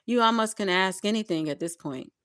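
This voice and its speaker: A woman reads tarot cards for her viewers as a spiritual pep talk. She speaks at an ordinary pitch and repeats her phrases for encouragement, and the sound is dry and close with no room around her. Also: expressive, a little fast, fairly bright tone, clean tone, no room sound. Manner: repetitive, encouraging, addresses viewers as y'all. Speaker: tarot reader.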